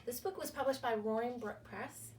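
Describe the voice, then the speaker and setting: A woman's voice: fairly high pitch, moderate pace, a little mellow, far from the mic, a little hiss or hum. Cheerful librarian woman leading story time. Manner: cheerful, sing-song, coaxing questions to kids. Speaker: children's librarian. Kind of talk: virtual children's story time.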